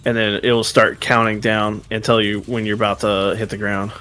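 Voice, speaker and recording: A man's voice: on the low side, little pitch movement, moderate pace, bright, forceful tone. Stream co-host, casual man, rambling anecdotes, faint music behind. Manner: storytelling, laughing, rambling.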